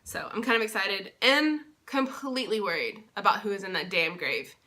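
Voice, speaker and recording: A woman's voice: medium pitch, normal speed, bright, forceful tone. A young woman from Texas casually recapping a convention weekend in a vlog, enthusiastic and rambling with plenty of fillers and restarts. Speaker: vlogger and convention interpreter.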